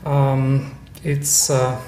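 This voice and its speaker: Halting man giving a club talk. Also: medium pitch, completely flat delivery, dark tone, a little hiss or hum. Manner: halting, many fillers and restarts. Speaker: club presenter. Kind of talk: casual club presentation. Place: club meeting room.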